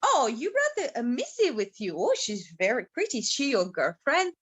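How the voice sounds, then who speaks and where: A woman's voice: on the high side, wildly swooping pitch, moderate pace, husky, heavily acted. A woman voicing a big, bearded male restaurant cook with a hearty, chatty manner. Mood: jolly.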